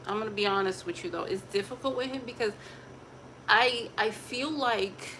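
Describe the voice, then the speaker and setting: A woman's voice: medium pitch, moderate pace, sharp tone, slight background noise, low-quality recording. A young woman vlogging at home, talking casually and animatedly to her viewers and laughing now and then. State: pregnant. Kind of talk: casual chat to camera.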